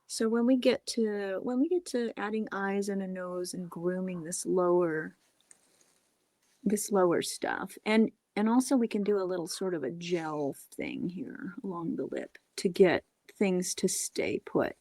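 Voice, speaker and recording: A woman's voice: lowish voice, measured pace, a little mellow, dry recording. A woman puppet maker talking casually through her work on a livestream, outdoors, apologizing often. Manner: chatty, self-apologetic.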